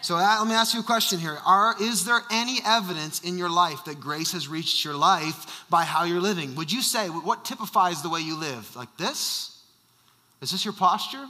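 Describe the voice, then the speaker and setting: A man who is a senior pastor preaching a sermon, shifting between emphatic bursts and quiet asides. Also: high-pitched, normal speed, long reverb tail. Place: church sanctuary.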